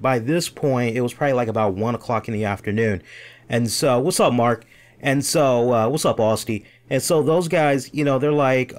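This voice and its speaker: A man hosting a live-streamed talk show, telling an exasperated story full of quoted back-and-forth dialogue. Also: medium pitch. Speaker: show host. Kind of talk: casual storytelling rant to a live stream chat.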